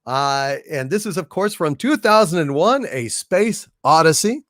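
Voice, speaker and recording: A man hosting a comedy live stream, reading out viewer messages in an animated, halting way with many fillers. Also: on the high side, no echo, clean studio sound. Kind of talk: casual live stream chat.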